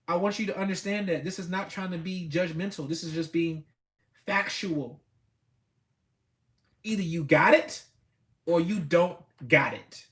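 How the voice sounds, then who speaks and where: A man giving a blunt, preachy motivational talk with speech, repeating himself for emphasis. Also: high voice. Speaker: host.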